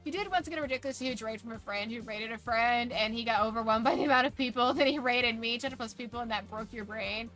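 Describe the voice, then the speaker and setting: Bright-voiced woman with a mild Southern lilt. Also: fairly high pitch, fast, hardly any pauses, soft background music. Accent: mild Southern American. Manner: rambling, many "like" fillers and restarts. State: voice going hoarse. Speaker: streamer. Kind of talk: casual chat with live chat.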